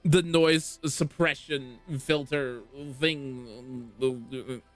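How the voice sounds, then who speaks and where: A live streamer chatting casually on a game stream, giggly and animated, laughing often. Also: mid-range voice, extremely slow, faint music behind. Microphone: streaming microphone.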